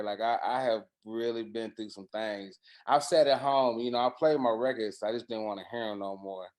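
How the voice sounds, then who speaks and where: A man telling loose, profane, slang-heavy stories in a casual chat, recorded in a quiet room at home. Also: on the low side. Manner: animated, profane storyteller with slang. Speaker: podcast guest.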